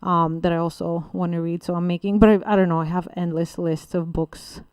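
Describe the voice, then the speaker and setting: A woman's voice: lowish voice, flat delivery, fairly quick, darkish tone, clean tone, no room sound. A Bulgarian woman, a literary translator, talking casually in an interview in English, rambling with many fillers and restarts. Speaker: guest writer and literary translator.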